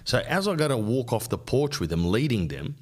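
A man's voice: medium pitch, very animated, brisk. An Australian man hosting a podcast, telling rambling comic stories and swearing freely. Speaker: podcast host. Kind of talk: comedic storytelling.

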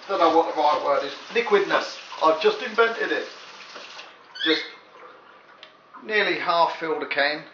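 An English man giving a casual, jokey cooking demonstration in his home kitchen, full of rambling asides to the viewer. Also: fairly high pitch. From England. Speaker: home cook. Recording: echoey, dull lo-fi with faint hiss.

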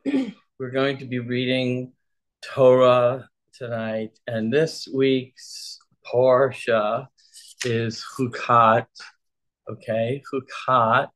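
A man's voice: medium pitch, level tone, very slow, a bit bright. A man leading a casual Torah study, chatty and loose, who keeps checking in with his listeners.

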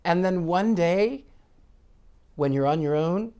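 Man, psychic, reflective monologue, earnest, soft-spoken, restarts often. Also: sits high, lively intonation, slow pace, clear, resonant tone. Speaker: psychic sharing personal reflections.

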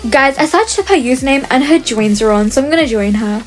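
A woman's voice: sits high, lively intonation, a little fast, hardly any pauses, faint music behind. A young woman commenting on her gameplay to viewers in a chatty, often exasperated way. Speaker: gaming video creator.

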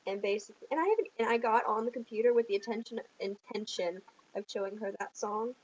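A woman's voice: fairly high pitch, quick pace, darkish tone, muffled recording. A teenage girl with a Southern US accent, rambling casually on her vlog with lots of ums and giggles. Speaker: vlogger. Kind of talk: casual chat.

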